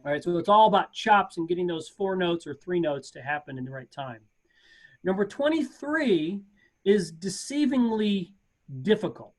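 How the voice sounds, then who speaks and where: A man's voice: sits high, lively intonation, moderate pace. A man teaching an advanced percussion class over a video call, casual and encouraging, often stopping to correct himself. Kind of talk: online music lesson. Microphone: video call mic.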